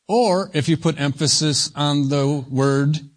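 A male pastor delivers a verse-by-verse sermon at an unhurried, deliberate pace. His voice sits a bit high for a man, and he leans hard on single words as he reads scripture aloud. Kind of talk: expository sermon.

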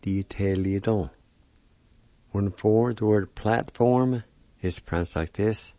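Slow, deep-voiced man teaching words. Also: mellow, dry recording, muffled recording. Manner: slow, careful spelling and repetition of words. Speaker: radio language teacher. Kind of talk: weekly radio language lesson.

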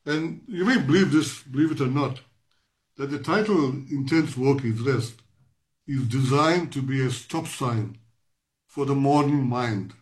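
Halting, reflective man in his sixties. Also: mid-range voice. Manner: halting, many fillers and restarts, reflective. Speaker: guest, professor. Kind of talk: interview answer.

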